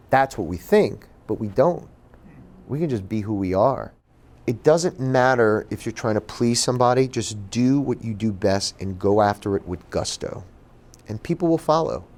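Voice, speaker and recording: A man giving a personal storytelling talk at a bookstore event, animated and acting out the voices he quotes. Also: fairly low pitch. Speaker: author and speaker.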